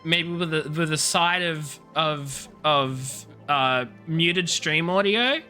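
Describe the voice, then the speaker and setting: A man's voice: fairly high pitch, slow, bright, forceful tone, faint music behind. A young man chatting casually with viewers while streaming a game, teasing and rambling with many restarts. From Australia. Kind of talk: casual live-stream chat.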